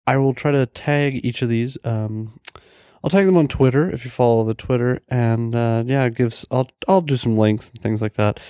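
A man's voice: medium pitch, mellow, no echo, studio quality. A young man hosting his own podcast, chatting casually and enthusiastically, rambling with fillers and restarts. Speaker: podcast host. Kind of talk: casual solo podcast talk.

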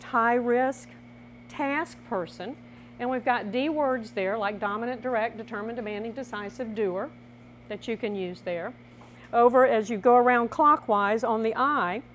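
Woman presenter, lively seminar talk, fairly high voice, faint hum behind. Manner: animated, laughing, acts out little scenes. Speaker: workshop presenter.

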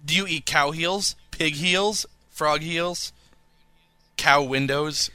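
Male podcast co-host, bright and upbeat, playful banter, dry close mic. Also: on the high side, takes it slowly, smooth, no echo. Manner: playful, laughs often, jokey asides. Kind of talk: casual podcast chat, reading listener mail.

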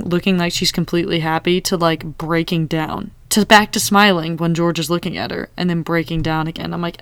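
Smooth low-voiced woman chatting casually. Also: dry recording. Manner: animated, acts out quoted lines. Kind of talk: casual TV recap chat.

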